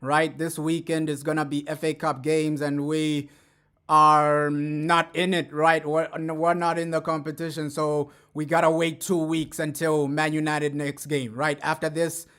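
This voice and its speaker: A man giving casual fan commentary as a streamer reacting to clips, talking in a chatty way and tagging his sentences with quick asides. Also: on the high side, little pitch movement, a bit bright, smooth. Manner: chatty, keeps adding "bro" and "right?".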